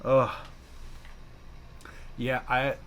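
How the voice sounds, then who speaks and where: A man co-hosting a casual gaming chat, telling a profane, animated story and acting out the people in it. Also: medium pitch, very slow, a little hiss or hum. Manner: profane, animated, acts out quoted bosses.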